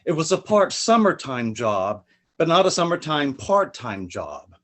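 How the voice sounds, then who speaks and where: A man's voice: medium pitch, fairly bright tone. A man, a poet and spoken word artist, introducing himself and then performing a dramatic spoken word piece over a video call.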